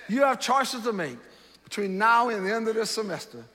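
A man preaching a sermon in a seminary chapel, building with rhythmic repetition, swelling to shouts and dropping low. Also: animated, a little fast, a faint crowd. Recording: long hall reverb.

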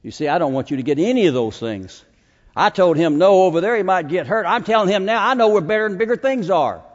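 A man preaching in a seminary chapel while working a dog, swinging between loud commands and soft, hushed points. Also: on the high side. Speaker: chapel speaker training a dog. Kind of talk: sermon with a live dog demonstration. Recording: echoey hall, dull lo-fi sound.

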